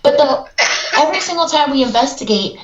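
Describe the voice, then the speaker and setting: A woman's voice: sits high, animated, fairly quick. A woman chatting casually as a co-host who runs a haunted asylum, bubbly and cursing freely. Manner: bubbly, swears freely, laughs often. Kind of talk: casual podcast chat. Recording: roomy, dull lo-fi call audio.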